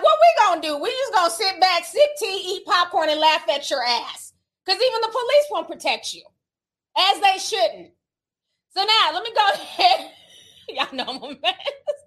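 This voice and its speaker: A woman's voice: very high voice, fairly bright tone. A woman hosting her channel, giving casual gossip commentary in a sassy, slangy way with laughing asides, speaking from home at her computer.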